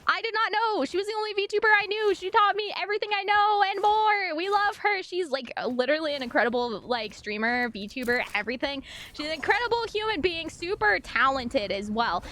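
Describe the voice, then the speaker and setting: A woman streaming as a VTuber, chatting casually and reading her chat aloud, bubbly and excitable, often laughing and close to tears. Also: very high-pitched, a little fast. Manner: emotional, on the verge of tears.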